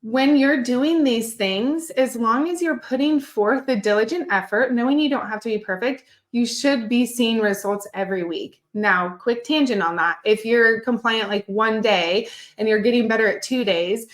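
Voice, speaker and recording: Young woman nutrition coach, upbeat, keeps asking if ppl are following, kinda high voice. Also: normal speed, few pauses, reverberant. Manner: upbeat, encouraging, checks in with listeners. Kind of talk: live online masterclass.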